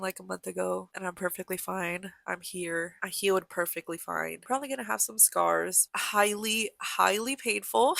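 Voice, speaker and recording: A woman's voice: fairly low pitch, vocal fry, a bit bright, dry recording. A woman in her thirties telling a personal story in a casual vlog, chatty and full of fillers, laughing often. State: tearful at times. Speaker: vlogger.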